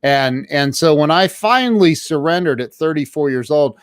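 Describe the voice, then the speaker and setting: A man's voice: on the high side, lively intonation, moderate pace, smooth, no room sound, studio quality. A man as an interview guest, telling his own story casually and emphatically, often stumbling and restarting his words.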